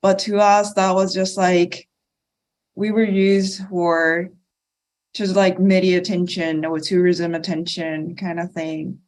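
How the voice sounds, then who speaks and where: A woman from Okinawa, a guest on a podcast panel who explains her points in a thoughtful, measured way. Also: fairly low pitch, flat delivery, darkish tone. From Okinawa, Japan. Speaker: guest speaker.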